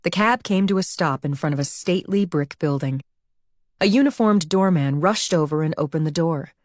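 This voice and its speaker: A woman narrating an audiobook with even, measured storytelling. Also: low voice, no room sound, clean studio sound. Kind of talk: scripted narration.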